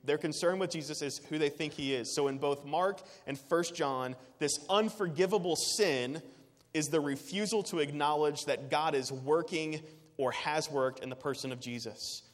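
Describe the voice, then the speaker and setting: A man's voice: fairly high pitch, moderate pace, big-room sound. A man preaching a sermon as pastor, earnest and emphatic, with repetitive phrasing.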